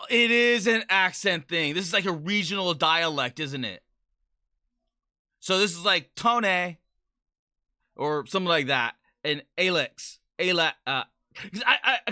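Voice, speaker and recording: Woman streamer just chatting, bright voice, pitch all over the place, kinda slow and rambly. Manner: rambling, stumbling restarts and frequent laughter. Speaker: livestreamer. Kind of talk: casual chat while reading viewer messages.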